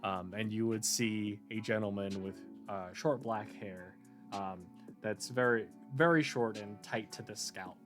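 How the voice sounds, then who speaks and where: A man serving as game master narrates a tabletop game, sounding hesitant, with many fillers and restarts. His voice is lowish and a bit bright, his pace is measured, and faint music plays behind him.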